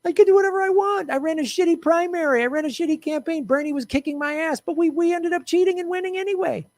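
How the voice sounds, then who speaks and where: A man's voice: extremely high pitch, quick pace, dry recording, voice pushed up. A man mimicking a smug, boastful old politician. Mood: smug, mocking. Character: mocking impression of an arrogant older male politician.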